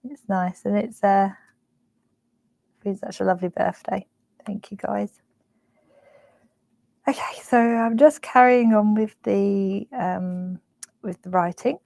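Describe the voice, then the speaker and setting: Hosting a craft show live, a young woman chats casually and emotionally, soft-spoken and gushing, using many fillers. She speaks slowly in a creaky mid-range voice, pausing often, on a dry, poor-quality recording.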